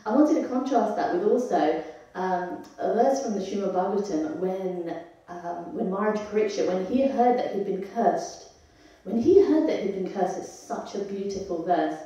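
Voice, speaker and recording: Her voice is warm and medium in pitch. Heard from afar in a reverberant temple hall, the woman gives a devotional scripture class in a conversational manner, putting questions to her audience as she goes.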